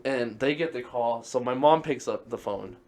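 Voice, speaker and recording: A man's voice: mid-range voice, moderate pace, crowd noise. A young man telling a long story in casual chat, rambling and laughing as he goes. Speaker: podcast co-host.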